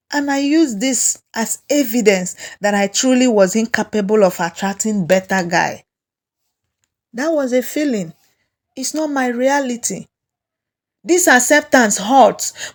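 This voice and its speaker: Slow, gentle woman coaching. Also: fairly high pitch. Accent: Nigerian English. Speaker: self-help coach. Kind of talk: guided self-help lesson.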